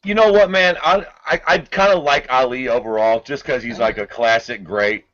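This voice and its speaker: A man co-hosting a podcast, chatting loosely with lots of swearing and animated retold stories. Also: mid-range voice, moderate pace. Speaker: podcast co-host. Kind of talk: casual profane chat. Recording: dull lo-fi podcast audio.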